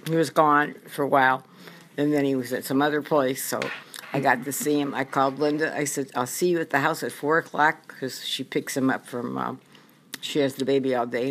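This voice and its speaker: A woman's voice: very deep voice, slight background noise. An older woman with great-grandchildren chatting casually and rambling with fillers about her week. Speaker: group member sharing news. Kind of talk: casual chat.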